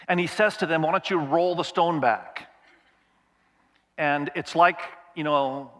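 A man's voice: a little high, a bit bright, in a large hall. A male pastor preaching a sermon, reading scripture aloud and asking the congregation questions as he goes.

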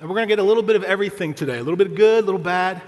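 A man's voice: high voice, very fast, long reverb tail. A male pastor preaching a sermon, telling a family story with humor and often asking the congregation "right?".

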